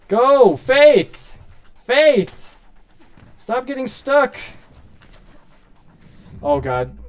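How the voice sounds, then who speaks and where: A man doing casual, excitable gameplay commentary, swearing and shouting at his character while saying he is hungry and tired. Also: fairly high pitch. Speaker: gaming streamer.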